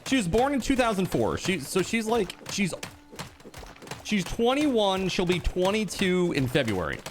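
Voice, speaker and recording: A man's voice: high-pitched, measured pace, slight background noise. A man streaming from home, chatting casually and reacting to viewers with disbelief and the odd swear word. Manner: animated, incredulous, swears casually. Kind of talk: casual live-stream chat.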